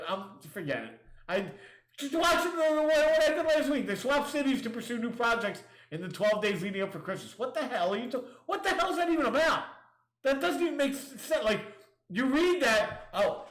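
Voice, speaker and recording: A man's voice: very high-pitched, a bit bright, echoey room. A male show host in a casual livestream rant, reading listings aloud and mocking them with crude, sarcastic jabs. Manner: reads listings aloud then riffs.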